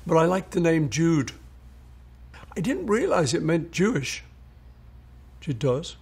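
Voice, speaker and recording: A man's voice: a little high, very animated, takes it slowly, vocal fry, darkish tone, breathy edge. An older man, a songwriter, telling anecdotes in an interview and acting out what people said. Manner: anecdotal, acts out quoted people. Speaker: songwriter recalling his songs. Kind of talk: storytelling interview.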